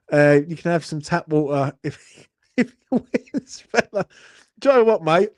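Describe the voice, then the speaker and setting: A man's voice: a little high, a little mellow, no echo, studio quality. A young man hosting a live watchalong stream, chatting in a rambling, sweary, self-mocking way into his phone. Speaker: watchalong host. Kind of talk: casual live-stream chat.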